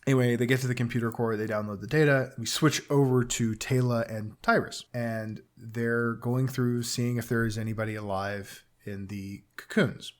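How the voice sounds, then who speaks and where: A man's voice: mid-range voice, steady tone. Chatty man recapping a TV episode. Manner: chatty, acts out characters' lines in quick impressions. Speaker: podcast co-host.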